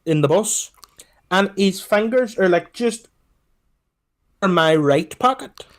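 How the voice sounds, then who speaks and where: A man with a Scottish accent, co-hosting a podcast and telling a travel story in casual, animated chat that is peppered with swearing. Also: high-pitched, slow pace. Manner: animated storyteller, swears, repeats "let me tell you something". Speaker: podcast co-host.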